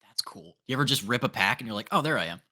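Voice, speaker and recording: Bright-voiced man hosting a chatty interview. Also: mid-range voice, expressive, rapid-fire. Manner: easygoing, chatty questions. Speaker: podcast host. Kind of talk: casual interview.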